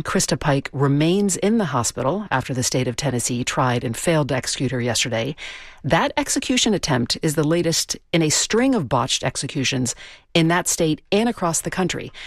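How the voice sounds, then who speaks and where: Fast gravelly news host. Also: medium pitch, no echo, clean studio sound. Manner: brisk, direct questions. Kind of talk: radio news interview.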